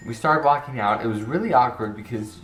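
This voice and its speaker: Speaking briskly in a mid-range, slightly bright voice, a teenage male vlogger rambles through an embarrassing story for the camera. He restarts sentences and performs the quoted lines casually, with a roomy echo and faint guitar music behind him.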